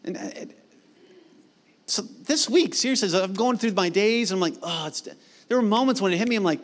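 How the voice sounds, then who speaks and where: A pastor in his thirties preaching a sermon in a casual, animated way, full of slang and acted-out asides. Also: very high-pitched, normal speed.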